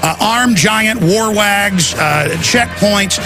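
A man hosting a talk radio show, ranting in an intense, rapid-fire, urgent way. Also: high-pitched, over music.

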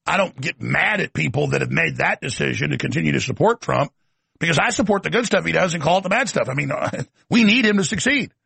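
A man's voice: on the high side, expressive, a little fast, creaky, pushed and bright, slightly rough, dry recording. A man hosting a political talk show, delivering an emphatic, ranting monologue with sardonic asides.

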